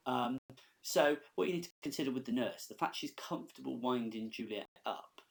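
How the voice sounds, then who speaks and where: A man's voice: mid-range voice, brisk, gravelly. A male teacher giving a recorded lesson in a conversational, explanatory way, often checking in with his students. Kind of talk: recorded classroom lesson over slides.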